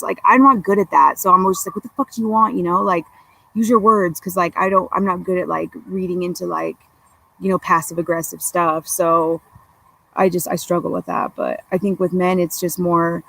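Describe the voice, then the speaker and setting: Blunt profane young woman with gravelly voice. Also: on the low side, a bit bright, poor audio. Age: young adult. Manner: blunt, profane, rambling with many fillers. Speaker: podcast guest. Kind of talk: casual storytelling chat.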